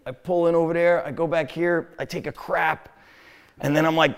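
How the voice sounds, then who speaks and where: A middle-aged man with a New Jersey accent tells a story in a casual, animated way, swearing and laughing often. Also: on the high side, fairly quick, clean tone. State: sick, throat sore. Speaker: gym owner telling a story.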